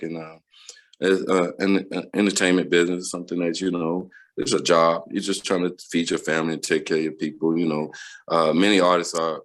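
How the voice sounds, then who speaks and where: A middle-aged man, chatting playfully as an interview guest, laughing often and using many fillers. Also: sits low. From United States. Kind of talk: casual interview chat.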